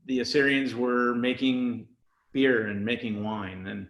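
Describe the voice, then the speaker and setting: A man's voice: medium pitch, fairly even intonation, measured pace, fairly bright tone, reverberant, poor audio. A laid-back, easygoing man, a winery founder, telling stories in a casual video chat.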